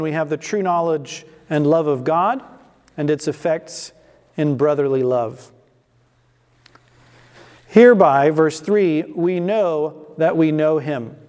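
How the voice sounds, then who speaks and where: A man's voice: fairly high pitch, a little mellow, in a large hall. A man giving an emphatic expository sermon on scripture, using rhetorical questions. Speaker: preacher.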